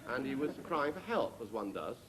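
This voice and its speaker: A man's voice: medium pitch, big pitch swings, moderate pace. A man on a comedy panel telling jokes as stories, slipping into funny put-on voices. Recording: noisy old TV archive recording.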